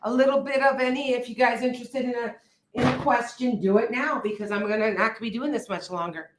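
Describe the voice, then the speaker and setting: A woman's voice: fairly high pitch, brisk, noisy background. A woman hosting a casual livestream as a psychic reader. She talks in a chatty, scattered way that turns emphatic and insistent. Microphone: streaming setup.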